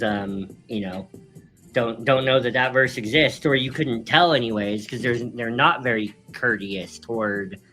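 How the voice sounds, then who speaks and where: A man's voice: medium pitch, a bit bright. Hesitant man chatting casually. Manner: hesitant, with many fillers. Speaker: podcast co-host. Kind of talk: casual livestream chat.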